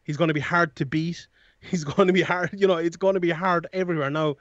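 A man's voice: a little high, steady tone, fast, fairly bright tone, dry recording, muffled recording. A man, a guest analyst in a casual sports chat, rambling with many restarts and frequent laughs.

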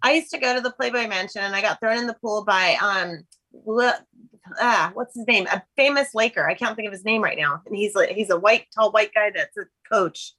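A woman's voice: mid-range voice, a little fast, bright, forceful tone, poor audio. A woman co-hosting a casual chat, rambling through a story.

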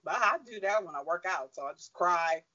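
A woman's voice: fairly low pitch, fairly quick, sharp tone. A woman being interviewed about running her own business, candid and rambling, with many fillers and quoted self-talk. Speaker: business owner guest. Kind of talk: casual interview answers. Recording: dull lo-fi audio.

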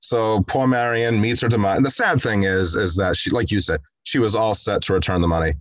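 A man co-hosting a casual film discussion, retelling scenes in an animated way and acting out the quotes. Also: fairly low pitch, a little fast, no room sound. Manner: animated storyteller who acts out quotes. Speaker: podcast co-host.

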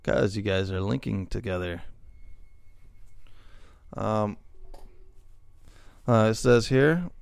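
A man's voice: on the low side, slow pace, gravelly, pauses often, smooth, no room sound, clean studio sound. A middle-aged man hosting a casual chat, reading posts aloud with joking asides and frequent laughter. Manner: laughs often, jokey asides. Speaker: podcast host reading stories.

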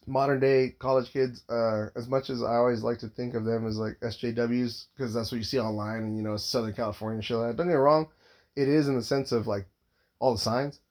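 A man's voice: mid-range voice, fairly even intonation, a little fast, darkish tone. A man in his thirties, a father, telling a long casual story, rambling and swearing constantly with lots of filler words.

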